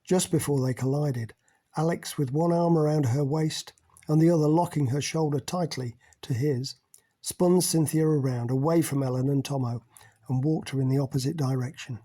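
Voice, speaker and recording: A man narrating an audiobook in a measured, plain storytelling manner with pauses. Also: on the high side, mellow. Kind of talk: scripted narration.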